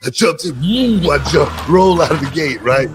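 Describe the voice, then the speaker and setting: A man hosting a podcast in casual chat, talking loosely with many fillers and growing animated as he tells stories. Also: a little high, moderate pace, noisy background. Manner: loose, filler-heavy, drawling delivery; lively, animated when telling stories. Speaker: podcast host.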